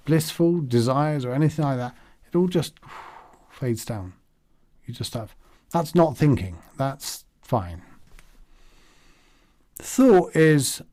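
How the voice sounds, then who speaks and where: A man's voice: medium pitch, dark tone. A man teaching meditation in a casual, rambling way, acting out the thoughts in his head. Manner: rambling and conversational, acts out inner thoughts.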